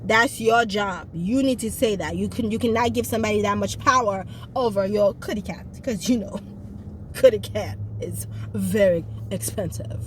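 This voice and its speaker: A woman's voice: mid-range voice, normal speed, slight background noise. A woman in casual chat, reviewing a movie and talking straight to her viewers in an emphatic way.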